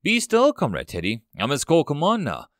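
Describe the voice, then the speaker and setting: A man's voice: on the high side, huge pitch swings, moderate pace, no echo, studio quality. A man voicing a worried female soldier tending a wounded comrade in an audiobook. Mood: urgent.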